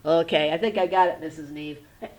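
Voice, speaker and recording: A woman's voice: low-pitched, fairly quick, darkish tone, lightly acted. A woman doing an eager young schoolboy puppet. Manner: chirpy, eager to please.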